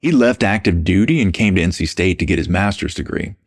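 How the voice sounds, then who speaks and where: A man, telling stories as a guest in a casual interview in a relaxed, anecdotal way. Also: sits low, fairly quick. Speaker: podcast guest.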